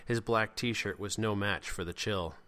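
A man reading a serial story in steady, plain narration. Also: on the low side, unhurried.

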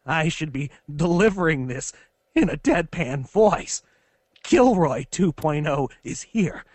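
A man's voice: fairly high pitch, lively intonation, slow pace, a little mellow, no echo. A man giving a mock-commanding intro for the show in a grand announcer tone.

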